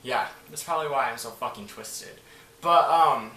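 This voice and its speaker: A man's voice: mid-range voice, moderate pace, pushed and bright. A man telling a story in a casual vlog, rambling and swearing, with "like" in nearly every line. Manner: rambling, profane, full of "like". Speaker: vlogger. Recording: echoey room, mic set far off.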